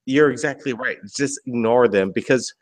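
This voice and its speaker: A man in a casual talk-show chat who explains things in an animated, rambling way. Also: medium pitch, normal speed, no room sound.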